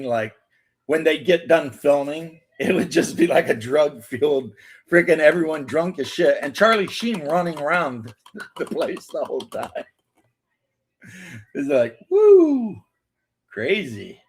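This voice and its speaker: A man's voice: on the high side, expressive, unhurried, husky. A man hosting a casual chat, telling long rambling stories, acting out quotes and swearing freely. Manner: rambling storyteller, acts out quotes, swears, laughs. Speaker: host.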